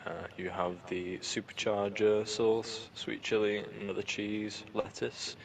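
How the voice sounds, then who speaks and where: A man's voice: lowish voice, flat delivery, a little slow, gravelly. A young man co-hosting a podcast, telling a work story with hesitations and ums. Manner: rambling storyteller, hedging with ums. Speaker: podcast co-host. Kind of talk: casual chat.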